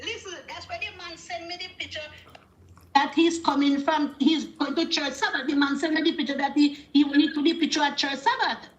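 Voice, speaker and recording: A woman caller with a strikingly high voice recounts her story with animated energy, putting on the voices of the people she quotes. Her phone-in audio carries a roomy echo around it. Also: fairly quick, dull audio. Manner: animated, acts out quoted dialogue. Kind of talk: call-in storytelling.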